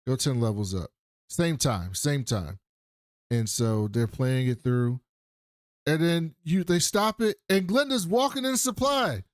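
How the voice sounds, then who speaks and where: A man with a slightly high voice speaks at a measured pace on a podcast he co-hosts, casually going over a TV episode. He acts out the characters' lines, swearing and all, in an animated way; the studio sound is clean with no room sound.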